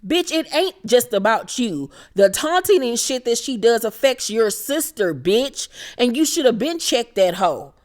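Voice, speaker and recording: A woman's voice: on the high side, big pitch swings, a little slow, few pauses, a little mellow. A young woman hosting a casual reality TV recap, blunt and emphatic, swearing freely.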